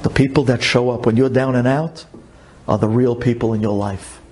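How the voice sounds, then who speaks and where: A man telling a personal story in an emotional sermon, dropping to near whispers and then rising high. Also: steady tone, normal speed, slight background noise. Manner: dramatic swings from hushed to soaring. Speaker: religious speaker.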